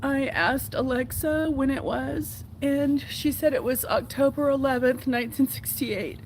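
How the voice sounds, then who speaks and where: A woman's voice: high voice, unhurried, a little hiss or hum, rough recording. A woman from Houston, hosting her own podcast and talking earnestly to camera in a heartfelt, rambling way. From Houston, Texas. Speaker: podcast host. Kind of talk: casual solo talk to camera.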